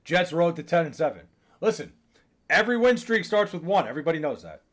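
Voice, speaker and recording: A man's voice: on the high side, big pitch swings, brisk. A young man chatting on a live stream, frustrated and profane, answering viewer comments and often restarting his sentences. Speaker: livestreamer. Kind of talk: casual live chat reacting to comments.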